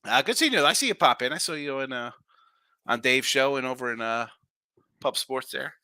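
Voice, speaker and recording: A man's voice: medium pitch, expressive, normal speed, sharp tone, dry recording, studio quality. A man hosting a live sports betting show, giving brash, jokey picks and chatting with viewers in the comments.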